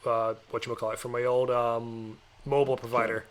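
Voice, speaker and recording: A man's voice: mid-range voice, fairly quick. A man hosting a podcast, telling stories in casual chat, laughing and swearing as he goes. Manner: animated storytelling, laughs, swears. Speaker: podcast host.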